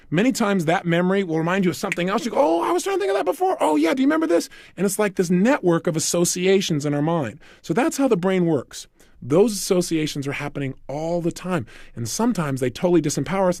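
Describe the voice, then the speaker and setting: An energetic motivational speaker gives a seminar talk and keeps putting questions to his audience. His voice is high and swings widely up and down, and the recording is close and dry with no room sound. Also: no echo.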